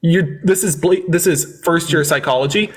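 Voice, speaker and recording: High-voiced man talking over his guest. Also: slightly rough. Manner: interrupting, mocking, rapid-fire rhetorical. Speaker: livestream debate host. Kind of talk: heated live debate.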